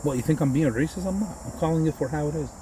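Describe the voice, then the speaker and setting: A man from Egypt tears into a post-game breakdown with combative, profane heat. His voice sits a little high yet stays warm and mellow. Faint outdoor night sounds of crickets and passing cars hum behind him. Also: racing. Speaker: sports vlogger. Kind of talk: heated post-game rant.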